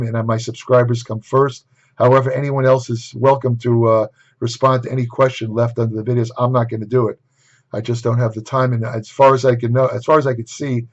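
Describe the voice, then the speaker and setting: An older man giving a casual lecture to camera on nutrition, blunt and opinionated, with exasperated asides. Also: mid-range voice. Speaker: nutrition writer and host. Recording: dull lo-fi recording.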